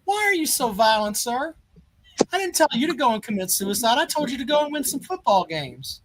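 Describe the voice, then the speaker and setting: A man's voice: very high-pitched, big pitch swings, brisk, fairly bright tone, rough recording. A man hosting a sports call-in show, taunting a caller over and over in a mock-polite way. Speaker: sports talk host. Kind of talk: call-in radio banter.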